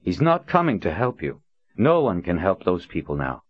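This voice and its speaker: A man's voice: sits low, wildly swooping pitch, normal speed, no echo, full character voice. A man voicing a grand, theatrical older male prophet who talks in a silky, mocking, commanding way. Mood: stern. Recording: dull lo-fi audiobook recording.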